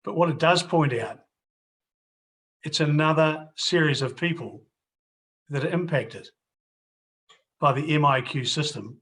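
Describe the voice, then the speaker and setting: A middle-aged man hosts a casual chat and then talks straight to his viewers. His voice sits a little high for a man, and he rambles, restarting and doubling back on his words. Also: a little slow, long pauses, a bit bright. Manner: rambling, restarts and repeats phrases. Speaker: host. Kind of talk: casual video interview and wrap-up to viewers.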